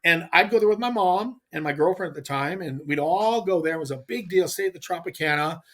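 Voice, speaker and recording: A middle-aged man from California, a podcast guest telling a fishing story in a casual, animated way with frequent restarts. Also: fairly high pitch, fairly quick. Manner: animated, acts out others' lines, frequent restarts. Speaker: podcast guest, pro angler.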